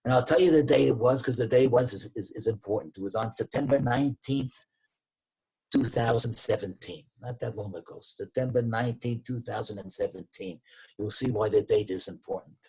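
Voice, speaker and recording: Husky guy telling a story, lots of restarts, stumbles and repeats himself. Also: mid-range voice. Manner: halting, many restarts, acts out quoted shouting. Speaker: speaker telling a moral story. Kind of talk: storytelling talk.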